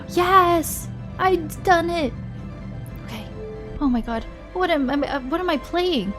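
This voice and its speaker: A woman streaming a video game live, anxious and swearing as she talks to herself and thanks viewers. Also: sits high. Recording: faint music behind.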